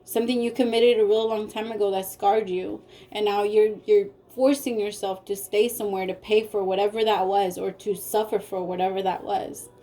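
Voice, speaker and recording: A woman's voice: mid-range voice, steady tone, normal speed, hardly any pauses, warm tone. A woman giving a casual spoken tarot reading, speaking straight to her viewers with a lot of feeling. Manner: emotional, talks straight to viewers. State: tearful. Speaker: tarot reader.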